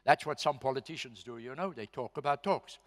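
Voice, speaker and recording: A man with a South African accent, a pastor telling a story from his own life at a church service, swinging between loud emphasis and hushed asides. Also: medium pitch, brisk. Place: church hall. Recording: reverberant church hall.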